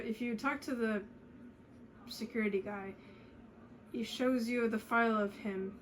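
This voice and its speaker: A woman's voice: a little high, slight background noise, low-quality recording. A young woman casually commenting on a game she plays, rambling with many fillers. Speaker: let's play gamer.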